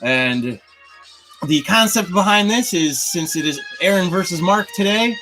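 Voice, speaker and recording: A man hosting a casual debate show, lively and jokey, often talking over the others. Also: high-pitched, a little slow, soft background music, rough recording. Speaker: host.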